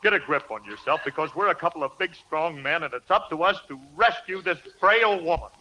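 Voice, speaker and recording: A man's voice: fairly high pitch, expressive, fairly quick, pushed and bright, low-quality recording. A man leading a 1940s radio comedy, blustering and theatrically panicky. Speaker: comedy show host and lead. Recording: hissy old radio recording.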